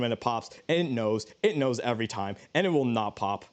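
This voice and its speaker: A man's voice: medium pitch, very animated, fast, hardly any pauses. A man streaming while he cooks, chatting casually in a joking, rambling way with many restarts. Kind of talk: casual livestream cooking chat.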